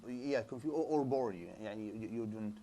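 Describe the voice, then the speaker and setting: A man's voice: mid-range voice, normal speed, warm tone. A man teaching an Islamic studies class, explaining in English mixed with Arabic terms and often repeating and restarting words as he answers students. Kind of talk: classroom lecture with student questions.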